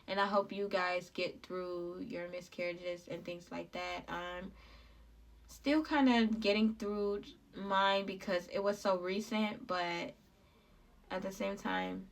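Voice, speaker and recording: A young woman vlogger telling a personal story in a halting, heartfelt way, full of fillers. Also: mid-range voice, fairly even intonation, gravelly, distant mic.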